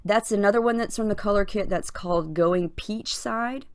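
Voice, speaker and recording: Scratchy-voiced woman narrating her crafting. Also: mid-range voice. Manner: chatty, unhurried, frequent fillers. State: scratchy morning voice. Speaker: crafting channel host. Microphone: voiceover recorded separately from the footage.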